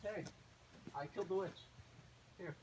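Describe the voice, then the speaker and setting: Little clever girl, guy putting her on, kinda fake worried, high voice. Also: measured pace, slight background noise, poor audio. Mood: plain. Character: clever young girl, timid then bold.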